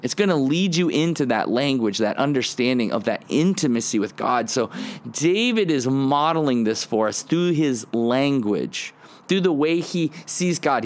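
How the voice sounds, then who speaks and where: A man hosting a devotional podcast, teaching in an earnest, conversational way and sometimes acting out prayers. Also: medium pitch. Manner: earnest, conversational, acts out prayers in quoted lines. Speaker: podcast host teaching on the Psalms.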